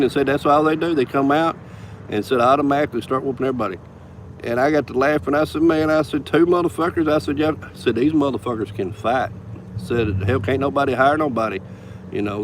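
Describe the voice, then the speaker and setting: A man telling a rambling, profane story to his phone camera, quoting others as he goes. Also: mid-range voice. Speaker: vlogger. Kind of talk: casual storytelling vlog. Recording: noisy phone recording near traffic.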